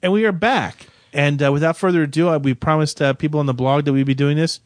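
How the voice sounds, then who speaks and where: A man's voice: on the high side, fast talker, dry recording. A man hosting a casual podcast chat, rambling and self-correcting with a joking tone. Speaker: podcast host.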